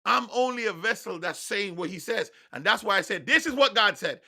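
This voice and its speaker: Gravelly, bright-voiced preacher. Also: male voice, high-pitched, lively intonation, a little fast. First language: Jamaican Patois. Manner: emphatic, insistent preaching that swings into loud declarations. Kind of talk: online sermon broadcast.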